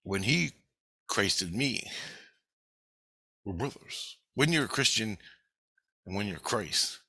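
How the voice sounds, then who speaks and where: A man's voice: on the low side, animated, slow pace, bright, forceful tone, husky, no room sound, poor audio. A middle-aged man telling a rambling, profane, agitated monologue to camera. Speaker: vlogger.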